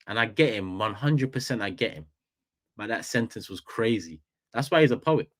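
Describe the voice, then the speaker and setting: A man with a London accent hosting a casual livestream, animated and slangy, repeating phrases for effect. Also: medium pitch. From England. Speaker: livestream host.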